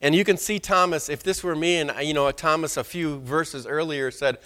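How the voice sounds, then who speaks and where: A male pastor preaches to his church in an animated, conversational style. His voice sits a little higher than most men's, and he keeps leaning on quick rhetorical asides. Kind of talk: sermon.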